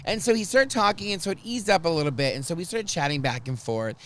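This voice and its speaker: A man hosting a podcast in casual chat, an animated storyteller who acts out quotes loudly. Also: fairly high pitch, fast. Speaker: podcast host.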